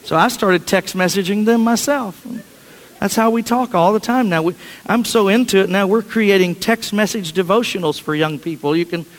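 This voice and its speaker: A man's voice: sits high, normal speed, in a large hall, low-quality recording. A man preaching a sermon, telling a family story in a chatty, anecdotal way with frequent restarts.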